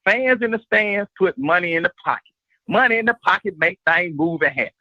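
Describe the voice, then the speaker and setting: A man's voice: sits high, expressive, a little fast, pushed and bright, no room sound. A man calling into a sports show, boastfully trash-talking a rival team's fans. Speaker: caller. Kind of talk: phone-in fan banter. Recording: dull phone-call audio.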